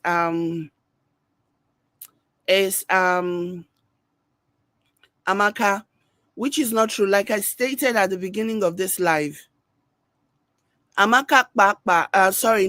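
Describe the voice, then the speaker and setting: A woman giving animated reaction-video commentary. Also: medium pitch, dry recording. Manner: animated, mimics people she discusses.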